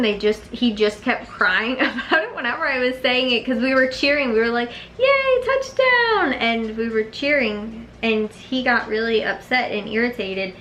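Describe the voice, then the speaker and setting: Young woman, casual vlog chat, higher voice, laughs a lot, indoors at home. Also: steady tone, moderate pace, a bit bright, slight background noise. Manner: chatty, laughs often, many fillers. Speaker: vlogger. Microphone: handheld camera.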